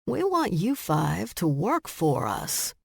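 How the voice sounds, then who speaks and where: A woman's voice: lowish voice, huge pitch swings, slow pace, gravelly, a little mellow, slightly rough, no echo, studio quality, exaggerated voice. A woman narrator voicing a composed young male lion shifter, speaking in a patient, formal way. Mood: businesslike.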